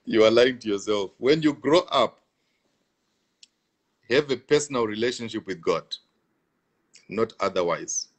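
A man's voice: lowish voice, lively intonation, measured pace, pauses often. A man, a pastor, talking on a live stream and answering viewer comments, repeating himself for emphasis and laughing between points.

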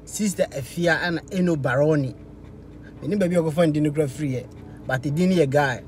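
A man's voice: fairly high pitch, brisk, a little hiss or hum. A man with a Ghanaian accent giving casual live commentary, mixing Twi and English. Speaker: music reviewer.

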